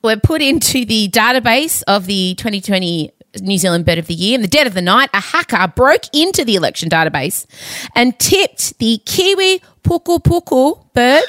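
A woman's voice: a little high, big pitch swings, normal speed, a bit bright, no echo. Woman, podcast co-host, chatty, giggly, dry close mic. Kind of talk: casual chat.

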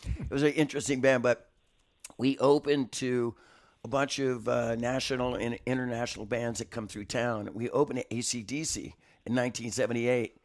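With a level, mid-range voice at a moderate pace, this sixty-something guest musician rambles through stories in the studio. He mocks himself and restarts often, in the style of casual interview storytelling.

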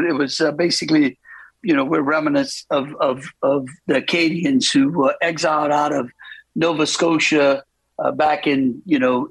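A man from South Louisiana with a Cajun accent, talking as a phone-in guest in a halting way full of repeated words. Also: on the high side, husky, poor audio. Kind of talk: casual phone conversation.

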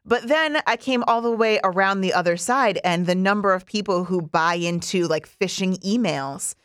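A woman's voice: medium pitch, normal speed, a bit bright, clean tone, no echo, clean studio sound. A woman hosting a news radio interview, asking questions in a casual way with fillers.

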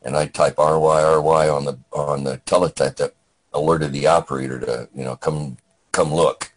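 An older man with an extremely deep, husky voice recounts his wartime memories. He speaks plainly and haltingly, often restarting a sentence before he finds his way through the story. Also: level tone, rough recording. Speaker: veteran guest.

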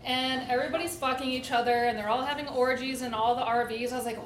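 A woman's voice: sits high, fairly even intonation, fast talker, hardly any pauses, a bit bright. A woman telling a candid comedic story in a casual way, giggling and saying "like" a lot. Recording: echoey room with background noise.

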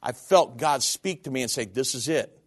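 A man's voice: medium pitch, lively intonation, normal speed. A middle-aged man, a minister, giving a personal testimony in a sermon, speaking in an earnest, candid, conversational way.

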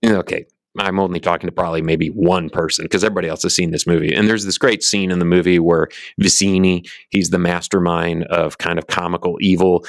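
Deep gravelly man teaching casually. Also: fairly even intonation, fairly quick, no echo. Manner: rambling, self-deprecating, frequent restarts. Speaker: speaker teaching a talk.

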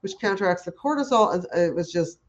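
A woman's voice: on the low side, lively intonation, fairly quick. A woman guest talking enthusiastically in a conversational interview, rambling with many restarts and fillers. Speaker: guest who works with horses. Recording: dull lo-fi audio.

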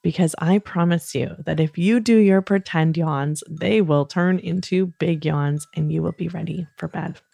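A woman hosting a children's bedtime podcast, talking in a soft, soothing, gentle way. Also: fairly low pitch, creaky, no room sound. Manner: soft, slow, soothing, playfully acts out yawns. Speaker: host of a kids bedtime podcast.

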